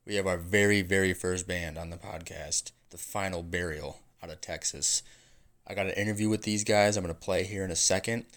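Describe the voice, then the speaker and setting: Low-voiced, rambling man podcasting. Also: fairly quick. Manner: rambling, profane, excitable. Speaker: podcast host. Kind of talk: casual solo podcast chat.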